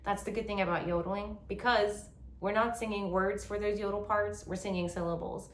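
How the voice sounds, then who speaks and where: A woman's voice: medium pitch, steady tone, brisk, slight background noise. A woman giving an online yodeling lesson who explains step by step and stops to demonstrate. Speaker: yodeling teacher. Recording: roomy echo.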